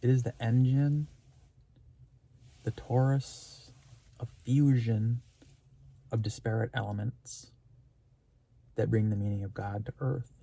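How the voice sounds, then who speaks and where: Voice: medium pitch, steady tone, slow pace, gravelly, long pauses, dark tone. A vlogger telling a story in a rambling, gushing way, with many fillers and restarts and an earnest, spiritual tone. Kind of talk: casual storytelling vlog.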